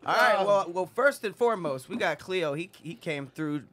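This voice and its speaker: A man's voice: high voice, animated, a bit bright. A man hosting a podcast, talking casually and playfully with his guests. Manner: playful, hypes others, quick laughing interjections. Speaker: podcast host. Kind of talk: casual chat and freestyle rap.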